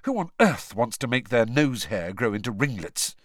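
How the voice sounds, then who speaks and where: Bossy, clever teen girl, cross and insistent, lifted pitch, animated, read by a man. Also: normal speed, no echo, clean studio sound, lightly acted. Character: bossy clever teenage schoolgirl. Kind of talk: audiobook character voice.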